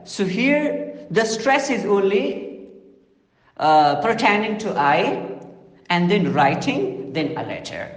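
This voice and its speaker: A man lectures at an unhurried pace, his pitch rising and falling animatedly as he explains. His words ring out in a roomy space with a long reverb tail. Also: big pitch swings. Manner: slow, deliberate explaining with self-corrections. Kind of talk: recorded lecture on phonology.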